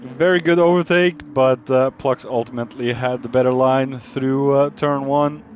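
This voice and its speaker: A man giving live commentary on a sim racing league, calling overtakes and getting excited, even shouting warnings at drivers. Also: medium pitch, normal speed, highs cut off, a little hiss or hum.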